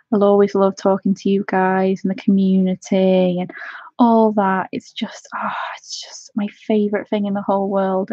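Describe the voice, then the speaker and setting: A woman hosting a live colouring stream, chatting excitedly, giggling often and thanking viewers warmly. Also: mid-range voice, no room sound, muffled recording. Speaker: craft channel host.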